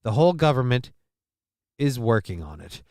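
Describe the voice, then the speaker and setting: A man's voice: medium pitch, sing-song, moderate pace, darkish tone, no room sound, studio quality. A man hosting a live stream, reading news and chat comments aloud with crude jokes. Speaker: show host.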